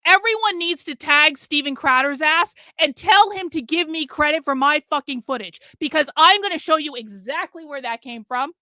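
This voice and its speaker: A woman's voice: high-pitched, lively intonation, moderate pace, few pauses, bright, forceful tone, no echo, studio quality. A middle-aged woman on a live stream, ranting in fury, swearing and repeating herself. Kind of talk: angry live stream rant.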